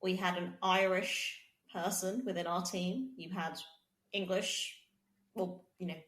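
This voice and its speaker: A woman chatting on a podcast in a lively way, prompting her partner and telling anecdotes. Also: fairly low pitch, a little slow. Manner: lively, prompting, laughs often. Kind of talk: casual podcast conversation. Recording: roomy echo.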